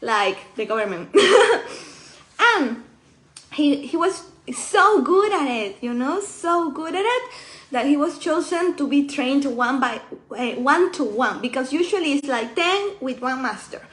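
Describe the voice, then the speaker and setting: A woman casually telling a personal story in an animated way, laughing often and acting out what people said. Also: sits high, a little slow. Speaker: author sharing her story.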